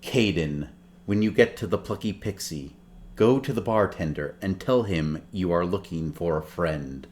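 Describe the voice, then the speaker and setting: A man voicing a grave male presence speaking into a character's head, solemn and measured. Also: low voice, darkish tone.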